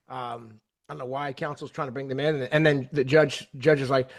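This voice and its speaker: A man's voice: on the high side, a little fast. A man hosting his channel, casually retelling a court hearing and acting out the people in it, with many restarts. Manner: animated, acts out quoted voices, many restarts. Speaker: host retelling a court case. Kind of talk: casual storytelling commentary.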